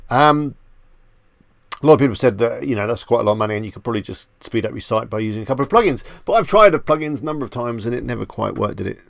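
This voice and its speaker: Male live stream host, gravelly voice, dry close sound, relaxed and chatty, answers viewers as he goes. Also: mid-range voice, quick pace, no echo. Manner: chatty, reads viewer comments aloud and answers them; jokey, self-amused asides. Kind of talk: casual live stream chat.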